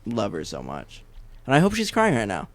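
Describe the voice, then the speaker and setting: Young male podcast co-host, casual and animated, very expressive pitch, dry sound. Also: normal speed, dry recording. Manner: animated, laughs often, acts out quotes in high voices. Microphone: podcast mic.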